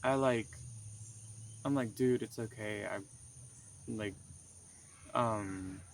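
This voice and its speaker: A man's voice: fairly low pitch, slow, vocal fry, a little hiss or hum. A young man telling the story of a dream in a casual, rambling way, with many fillers and restarts. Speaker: vlogger recounting a dream.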